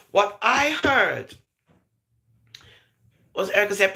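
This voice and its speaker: A woman giving lively, laughing commentary to viewers, slipping into patois as she goes. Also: fairly low pitch, measured pace. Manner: animated, laughing, patois-flavored gossip talk. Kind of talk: casual live commentary.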